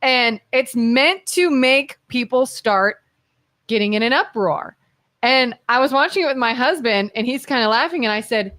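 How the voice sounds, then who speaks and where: A woman's voice: fairly high pitch, normal speed. Chatty woman talk show co-host. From Ohio. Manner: animated storytelling, quotes others in voices. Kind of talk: casual talk radio chat.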